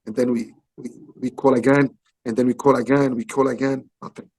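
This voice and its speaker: A man in his sixties from Belgium, speaking English with a French accent, animatedly telling a story in halting English and acting out what people said. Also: mid-range voice, level tone, darkish tone, slightly rough. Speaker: interview guest, actor. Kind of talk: storytelling interview.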